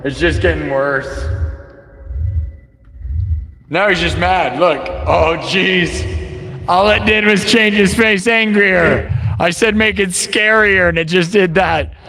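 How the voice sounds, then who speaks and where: Slow-talking amused male streamer. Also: high-pitched, steady tone, gravelly, pushed and bright, in a large hall. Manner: amused, chatty, talking to viewers. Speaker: livestream host. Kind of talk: casual livestream commentary.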